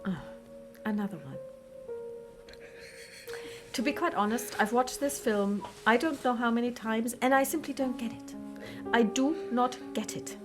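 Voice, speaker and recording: Fretful officious princess clerk, snippy and flustered, a woman doing the voice, highish voice, music behind. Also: measured pace, long pauses, natural voice. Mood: haughty. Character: fussy, harried female bureaucrat princess.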